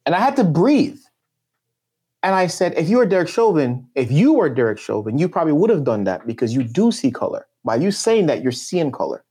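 A man appears as a podcast guest, recounting a personal story with emotion, passion and emphasis. His slightly high voice is mellow and sing-song with a breathy edge, and he speaks fairly quickly with swinging intonation.

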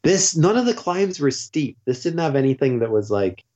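A man's voice: on the high side, sing-song, normal speed, warm tone, muffled recording. A man guest telling a long story in a casual, rambling way, full of fillers. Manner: rambling, filler-heavy with frequent "like".

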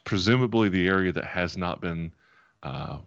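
A man from Tennessee hosting and narrating as game master in a relaxed, rambling way, chuckling often. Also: low-pitched, moderate pace, gravelly. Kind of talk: narrating a tabletop game and chatting. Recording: dull lo-fi audio.

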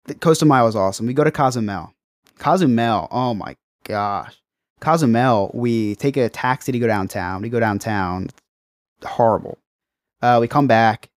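Male podcast co-host, mid-pitched, animated self-mocking storyteller, dry close mic. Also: normal speed, no echo. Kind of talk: casual storytelling chat.

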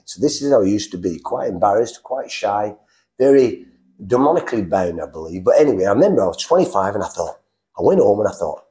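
A middle-aged man with an animated, conversational way of telling his story, slipping into other people's voices as he recounts dialogue. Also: on the low side. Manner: animated, acts out dialogue with quick voice shifts. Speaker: interview guest sharing a faith testimony.

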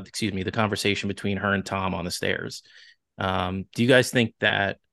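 A man's voice: on the low side, vocal fry, a bit bright, dry recording, clean studio sound. A man with a Long Island accent co-hosting a casual podcast, chatty and leading the talk with hedging asides. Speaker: podcast co-host. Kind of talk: casual recap chat.

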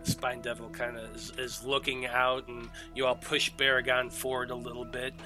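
A man's voice: mid-range voice, monotone, normal speed, music in the background. A man narrating as game master of a tabletop game, talking loosely with many fillers.

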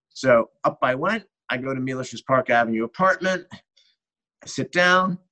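A middle-aged man, a cinematographer, telling rambling and animated anecdotes in an interview, often restarting his sentences. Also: mid-range voice, rough recording. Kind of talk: interview storytelling.

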